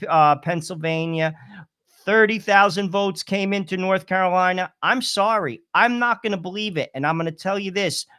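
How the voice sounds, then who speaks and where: A man co-hosting a political talk show, arguing forcefully with rhetorical questions. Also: sits high, clean tone. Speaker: co-host.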